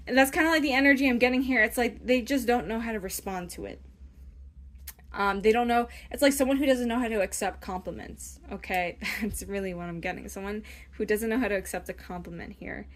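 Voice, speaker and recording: A woman's voice: a little high, fairly quick. A young woman giving a casual tarot reading, rambling and chatty, often checking in with "okay?" and acting out imagined inner voices. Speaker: tarot reader.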